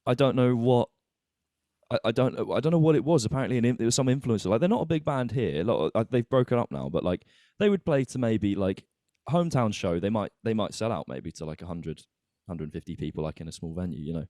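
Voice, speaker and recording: A man's voice: on the low side, expressive, fast talker, mellow, dry recording, clean studio sound. A man hosting a podcast, asking questions in a rambling way that often trails off and restarts. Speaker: podcast host. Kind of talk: casual podcast chat.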